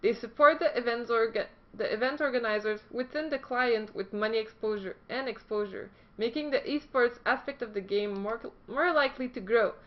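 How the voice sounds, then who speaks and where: A chatty woman hosts a casual news vlog with a high, light voice. She reads her notes aloud, stumbling and joking at her own expense. The recording is dull and lo-fi. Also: normal speed, few pauses. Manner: chatty and self-deprecating, stumbles while reading. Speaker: esports news host.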